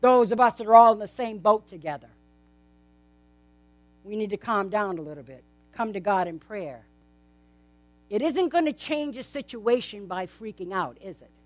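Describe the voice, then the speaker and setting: A woman's voice: mid-range voice, animated, moderate pace, long pauses. A woman preaching a sermon in a casual, conversational way, often asking her congregation rhetorical questions. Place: in front of a gathered congregation.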